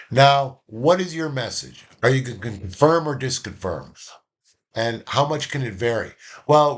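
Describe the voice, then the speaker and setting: Man giving a lively casual lesson. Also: medium pitch. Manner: lively, acts out little dialogues. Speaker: instructor.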